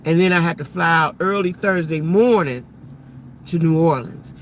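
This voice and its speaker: A woman's voice: sits low, fairly even intonation, a little fast, a little hiss or hum. A middle-aged woman hosting a casual live stream from her car, chatting animatedly with her viewers. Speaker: livestream host.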